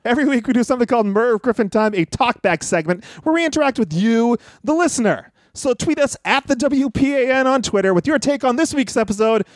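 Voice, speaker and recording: Playful high-voiced podcast host. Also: male voice, lively intonation, brisk, few pauses, no echo, studio quality. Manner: playful, doing goofy impressions. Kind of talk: casual podcast banter.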